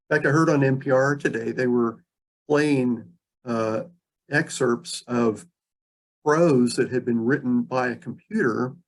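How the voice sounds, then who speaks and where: A man hosting an online reading on a video call, praising his guest and chatting in a rambling way. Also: medium pitch. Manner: warm, rambling, full of praise. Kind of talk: casual interview.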